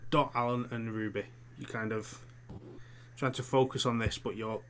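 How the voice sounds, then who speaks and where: A man's voice: mid-range voice, fairly even intonation, normal speed, fairly bright tone. Man narrating as game master, faint hiss. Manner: hesitant, many fillers and restarts. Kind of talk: narrating a tabletop horror game.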